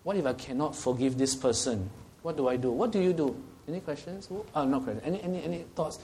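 A man's voice: on the high side, lively intonation, fast, warm tone, slight background noise. A man preaching a sermon, earnestly teaching and asking his listeners questions. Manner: earnest and teaching, asks the audience questions, often checks with "okay?".

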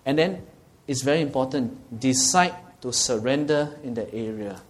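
Preaching earnestly, a man teaches his audience and asks them questions, often adding "okay?" to check they follow. His voice is medium-pitched with lively intonation, and he keeps a moderate pace.

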